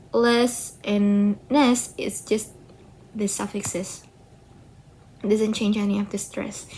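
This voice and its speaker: Slow, halting young woman explaining stress. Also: on the high side, a little mellow. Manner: halting, slow, restarts and self-corrections. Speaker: student presenting a project. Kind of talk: slide presentation explaining pronunciation.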